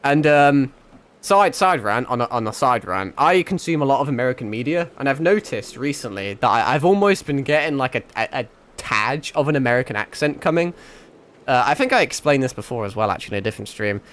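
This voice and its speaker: Faint music plays as a young man from England chats to his livestream during a gaming session. His mid-range voice is fairly bright and expressive, moving fairly quickly, and his mixed northern English accent carries frequent laughter, swearing and rambling asides.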